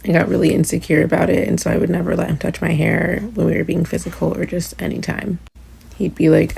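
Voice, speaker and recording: A woman reflecting on her past relationships in a calm, low-key way. Her voice is strongly gravelly and husky, and it sounds dark and mellow with very little rise and fall. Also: quick pace. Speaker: storyteller in a short clip. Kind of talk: casual storytelling.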